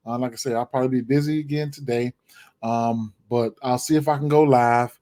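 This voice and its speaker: Guy rambling thru his betting picks, lots of uh and um, keeps repeating himself, mid pitch. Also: fairly even intonation, a little fast, dark tone. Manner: rambling, many fillers and repeats. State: hiccups, clearing throat. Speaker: sports betting host. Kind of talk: casual betting picks talk.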